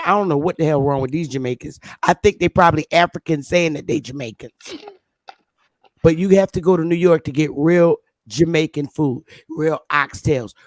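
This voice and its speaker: A woman's voice: low voice, a little mellow, dry recording. A woman hosting a casual chat, speaking bluntly and emphatically and repeating her points. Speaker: show host.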